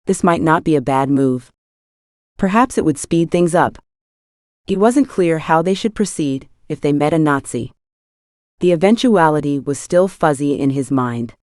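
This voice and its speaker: A woman narrates an audiobook with an even, measured delivery. Her voice sits low, and the recording is close and completely dry. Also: no room sound.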